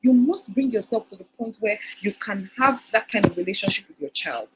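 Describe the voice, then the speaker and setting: A woman's voice: medium pitch, animated, a little fast, noisy background. A woman giving a parenting talk at a conference, telling stories and acting out parents' words. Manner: storytelling, acts out parents' quotes. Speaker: conference speaker. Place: conference hall.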